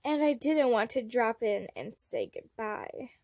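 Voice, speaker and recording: A woman's voice: on the high side, very animated, a little slow, a little mellow, dry recording, clean studio sound. Fields: Woman doing Deceit, smug sly young man. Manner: drawling.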